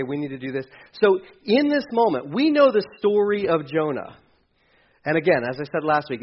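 A man preaching a conversational sermon, swinging from loud emphasis to hushed, quiet passages. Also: fairly high pitch, highs cut off. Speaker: pastor.

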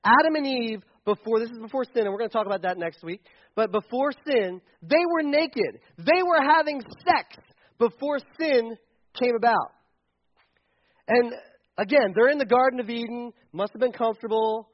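A man preaching a lively, joking sermon as pastor to a congregation, with frequent restarts. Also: very high-pitched, moderate pace, no echo, lo-fi sound.

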